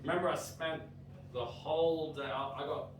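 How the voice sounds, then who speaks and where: A man's voice: fairly high pitch, normal speed. A man from Australia, preaching a conversational sermon and acting out both sides of conversations. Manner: animated storytelling, acts out both sides of conversations. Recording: echoey church hall, mic at a distance, audible room noise.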